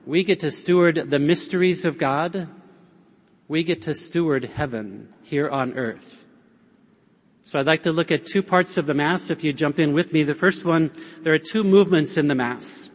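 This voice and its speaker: In a large, reverberant conference hall, an earnest male preacher speaks at a Catholic conference, his voice fairly high and his pace moderate. He preaches to the audience, prompting them with "right?" and using call-and-response.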